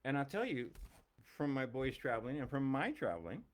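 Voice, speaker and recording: A man's voice: mid-range voice, animated, fairly quick. A middle-aged man and longtime teacher giving a blunt, emphatic, profane ranting monologue.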